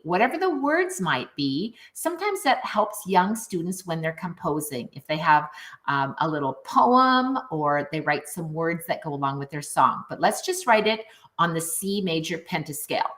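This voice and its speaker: Lively, bright-voiced woman music teacher. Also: deep voice, moderate pace. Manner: upbeat, animated, addresses viewers directly. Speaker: music teacher and program founder. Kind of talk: enthusiastic online teaching video.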